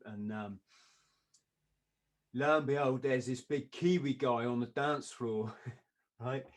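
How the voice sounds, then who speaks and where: Lively man telling a story. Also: medium pitch, slow. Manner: lively, acts out quoted voices, laughs often. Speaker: guest. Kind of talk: storytelling in a podcast interview.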